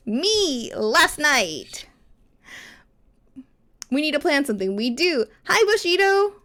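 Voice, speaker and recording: Chatty young woman streamer, slightly high. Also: sing-song, slow, pauses often, fairly bright tone. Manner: chatty, reads game text aloud, answers chat. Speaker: live streamer. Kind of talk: casual chat while reading a story game aloud.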